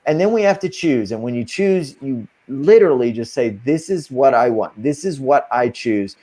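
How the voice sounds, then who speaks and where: A man's voice: mid-range voice, animated, moderate pace, warm tone. A man as an interview guest, talking casually and earnestly as he coaches listeners through spiritual steps.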